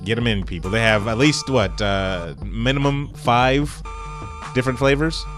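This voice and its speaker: A man's voice: mid-range voice, normal speed, over music. A man hosting a casual gaming podcast, rambling and mock-boastful as he jokes with his co-hosts. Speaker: podcast host.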